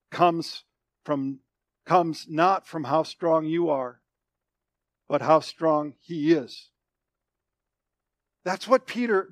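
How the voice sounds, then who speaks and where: High-voiced, slow-speaking male preacher. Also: no room sound, clean studio sound. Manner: emphatic preaching that swings between loud declarations and hushed, low phrases; repeats and restates phrases for emphasis. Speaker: pastor. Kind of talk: sermon.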